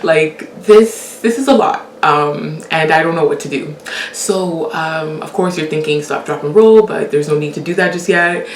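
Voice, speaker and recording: A young woman telling a casual personal story as host, animated and laughing often as she acts out the lines she quotes. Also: deep voice, moderate pace, roomy sound, far from the mic, slight background noise.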